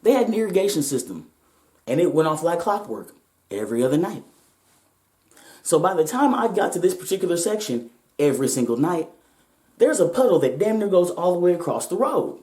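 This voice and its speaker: A woman's voice: fairly low pitch, very animated, a little fast, long pauses, warm tone, roomy sound. A woman vlogger telling a personal story to her viewers, blunt, profane and emphatic, her voice shaking with nerves.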